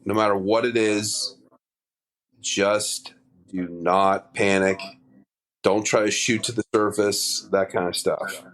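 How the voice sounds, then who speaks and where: Man, low voice, animated storyteller who acts out quotes; interview guest. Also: normal speed, rough recording. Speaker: guest, underwater photographer.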